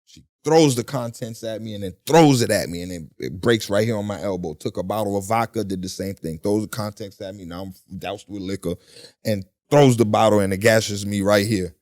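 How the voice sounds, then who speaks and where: Speaking briskly in a lowish voice, a middle-aged man appears as a guest in a relaxed interview. He recounts a story using lively, foul-mouthed street slang and performs the characters' voices.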